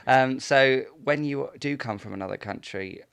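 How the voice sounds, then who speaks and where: An actor being interviewed on live radio in a studio, talking in a measured, explanatory way with frequent ums. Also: male voice, medium pitch, vocal fry, fairly bright tone, clean tone, no room sound. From Britain. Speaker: actor guest.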